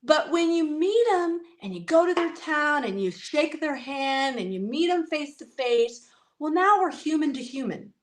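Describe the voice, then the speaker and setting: Animated woman chatting casually. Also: on the high side. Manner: animated, talks in quick restarts and asides. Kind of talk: casual chat.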